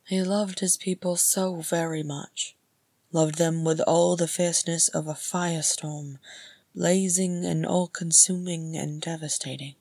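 A woman voicing an elderly male hobbit with a cracked, wavering voice, gentle and wistful, in a storybook reading. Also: lowish voice, dry recording.

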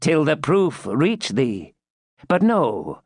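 A man reading aloud and voicing a vengeful, gloating old woman, slow, grim and mocking. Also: on the high side, huge pitch swings, a little mellow, slightly rough, no room sound, clean studio sound, heavily acted. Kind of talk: audiobook character reading.

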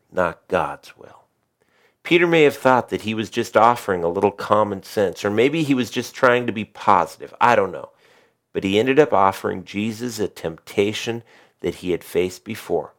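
A middle-aged man delivers a sermon from the pulpit, his voice sitting a little low. He preaches with emphasis, climbing on key lines and sinking to soft, quiet asides. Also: animated, moderate pace. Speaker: pastor.

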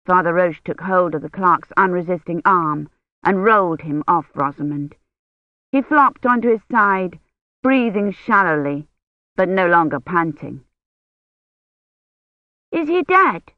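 Audiobook narrator, measured reading, mid pitch, muffled lo-fi, dry close sound. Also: no room sound. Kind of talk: scripted narration.

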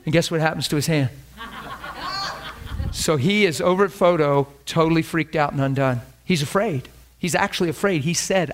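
A man delivering a sermon. His voice sits a little high, and he tells stories, playing every person in them himself. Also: normal speed. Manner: storytelling, acting out both sides of conversations. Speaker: preacher. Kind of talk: sermon with acted-out anecdotes.

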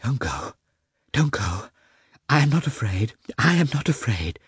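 A man voicing a frightened young woman in labor in an audiobook, crying out in a high, strained voice. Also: big pitch swings, unhurried, breathy edge, no room sound, clean studio sound, heavily acted. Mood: pleading.

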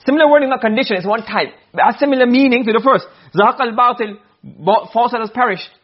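This dull, lo-fi classroom recording captures a very fast, very high-pitched man teaching Arabic rhetoric. He alternates between reading Arabic text and explaining it in English, often pausing to ask students "okay?" or "you understand?"

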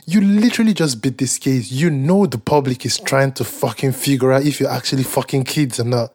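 A man's voice: medium pitch, expressive, a little fast, few pauses, darkish tone, breathy edge. A man co-hosting a podcast, telling stories in casual chat with lots of swearing and fillers. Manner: profane, rambling storytelling with frequent fillers and laughs. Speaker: podcast co-host.

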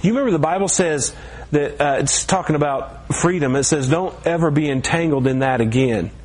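A middle-aged pastor preaches a sermon in a church sanctuary, speaking conversationally and raising his voice for emphasis. His voice is on the high side with a darkish tone, and he talks fairly quickly.

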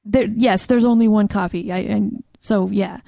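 A giggly woman co-hosting a casual podcast, her voice gravelly with fry. She rambles, loses her thread and laughs it off. The sound is dry and close. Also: mid-range voice, fairly even intonation, normal speed, dark tone, no echo. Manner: giggly, trails off mid-thought. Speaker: podcast co-host. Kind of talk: casual chat.

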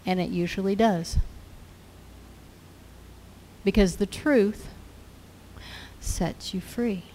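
A woman's voice: mid-range voice, slow, dark tone, slight background noise. Earnest woman preaching a sermon. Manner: earnest, repeats scripture lines as declarations.

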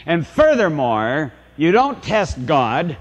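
A preacher acting out an exasperated Jesus. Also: male voice, on the high side, huge pitch swings, slow pace, big-room sound, full character voice. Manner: blunt, impatient, mock-scolding. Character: exasperated Jesus, a grown man scolding a lawyer.

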